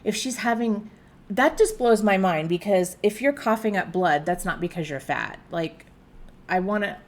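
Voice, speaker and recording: A woman's voice: medium pitch, moderate pace, a little hiss or hum. A woman in her thirties from the United States, chatting casually as she reacts to a video, with frequent fillers. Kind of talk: casual commentary.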